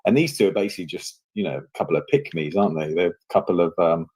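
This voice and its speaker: A man's voice: sits low, expressive, quick pace, dark tone, breathy edge. A young man giving casual reaction commentary in a mocking, sarcastic tone, with plenty of rhetorical questions.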